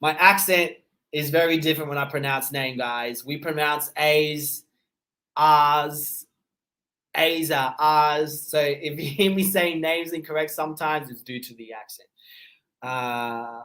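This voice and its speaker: A man's voice: a little high, moderate pace. Laid-back man with a mixed Australian accent. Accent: Australian, mixed with his parents' Seychellois English. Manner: relaxed and conversational, with easy laughs and frequent fillers. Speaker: livestream host. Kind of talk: casual livestream chat, reading and answering viewer comments.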